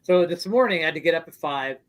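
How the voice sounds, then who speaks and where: A man's voice: on the high side, expressive, fast talker, low-quality recording. A male host telling stories in casual chat, rambling with frequent restarts and swearing freely.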